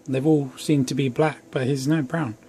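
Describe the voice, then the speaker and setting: Chatty and self-deprecating, this young man rambles through an action figure review at home. His medium-pitched voice has a dark tone and fairly even intonation, delivered at normal speed over faint background noise.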